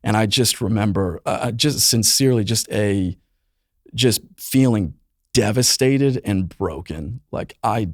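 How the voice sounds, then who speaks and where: A man in his thirties, a youth pastor guest on a podcast, telling a painful personal story earnestly and with emotion, often softening his voice. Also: measured pace, no room sound, clean studio sound. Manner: earnest, emotional storytelling, voice drops low and soft in painful moments. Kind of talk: personal testimony in conversation.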